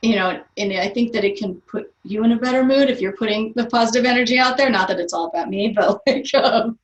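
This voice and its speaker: A woman's voice: fairly high pitch, quick pace, dull audio. A young adult woman chatting as an interview guest, laughing often and using lots of fillers. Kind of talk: casual interview chat. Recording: roomy, distant from the mic.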